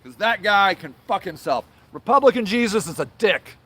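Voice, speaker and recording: Male host, high pitched, angry, foul-mouthed livestream rant, apologetic in between. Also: expressive, moderate pace, sharp tone, breathy edge. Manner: angry, profane, swears constantly; apologizes then rants on, trailing filler sounds. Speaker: show host.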